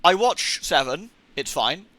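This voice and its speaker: A man's voice: fairly high pitch, very animated, a little slow, sharp tone. A young adult man chatting casually on a live gaming stream, rambling and swearing, with rants of disbelief. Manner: rambling and profane, incredulous rants.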